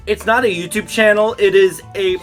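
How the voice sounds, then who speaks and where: A man's voice: sits high, fairly even intonation, normal speed, faint music behind. A young man chatting casually with friends while gaming, telling a rambling story full of swearing and breaking into laughter mid-sentence. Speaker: retail cashier telling a story.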